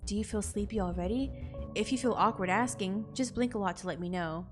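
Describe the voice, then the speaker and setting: A young adult woman playing a game on camera, reading its text aloud and reacting in an expressive, jokey way, with bursts of loud disbelief. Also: medium pitch, a little fast, music in the background. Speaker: gaming content creator.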